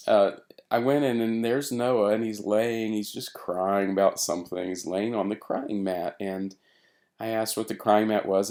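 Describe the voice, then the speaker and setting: A middle-aged man gives a recorded therapy training lecture in a relaxed, conversational style, with frequent fillers and restarts. His voice is deep, with vocal fry.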